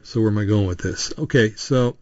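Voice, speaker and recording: A man's voice: on the low side, fairly quick, a little mellow. A man hosting a show, talking in a casual, opinionated, rambling monologue with frequent asides and restarts. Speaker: podcast host. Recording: dull, dry lo-fi recording.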